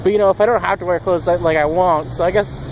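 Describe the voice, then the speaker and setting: A man's voice: high-pitched, steady tone, fast, slight background noise, rough recording. A man putting on the voice of a lazy young man who only likes sitting still, stammering and noncommittal. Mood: lazy, hesitant.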